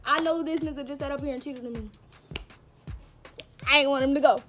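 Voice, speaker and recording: A young woman with a high voice tells a story to her camera in a loose, chatty vlog style. She is animated and pokes fun at herself as she talks straight to her viewers. Faint music plays behind her. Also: fairly quick. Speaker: vlogger. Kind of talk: casual storytime chat to camera.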